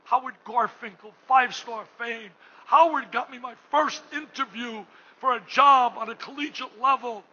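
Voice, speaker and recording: An older man giving an emotional fundraising speech as gala host in a hotel ballroom. He booms out some lines and drops to a hush on others. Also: normal speed. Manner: booming, swings between shouting and hushed tones. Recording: muffled recording with room noise.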